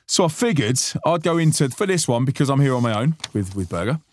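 A man's voice: mid-range voice, sing-song, fast talker, darkish tone, dry recording. Earnest man, dry sound. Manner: rambling, earnest, many restarts and fillers. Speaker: podcast host and musician. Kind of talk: casual reflective chat.

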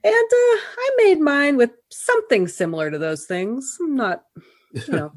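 Lively-voiced woman co-host. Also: high voice, normal speed, dry recording, clean studio sound. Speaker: podcast co-host. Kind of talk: casual chat.

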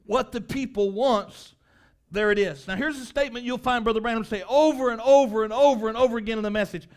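A male preacher giving a fiery sermon, asking the congregation questions and building to impassioned shouts. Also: brisk. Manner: high-pitched, emphatic, sweeps between quiet and loud.

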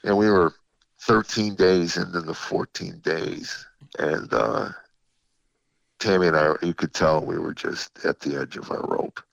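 An older man, a comedian guest, telling stories in a reflective, halting way with many fillers, on a dull lo-fi recording. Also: low voice, vocal fry, no echo. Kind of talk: casual interview storytelling.

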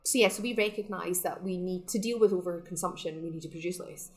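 A woman's voice: on the low side, fast talker, rough recording. A woman who runs a sustainable fashion shop, talking in a chatty, enthusiastic way and laughing often in a casual interview. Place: her shop in the Scottish Highlands.

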